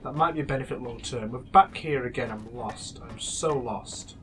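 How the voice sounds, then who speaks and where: A man's voice: mid-range voice, normal speed, fairly bright tone. A young man giving casual, chatty gameplay commentary, teasing and rambling with frequent restarts. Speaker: let's play gamer.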